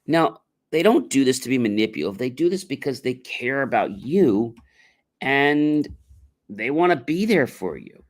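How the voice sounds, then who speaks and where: A middle-aged man hosts a motivational livestream, giving casual spoken advice in a monologue and acting out both sides of imagined phone calls. His voice is medium-pitched and expressive, at a normal speed.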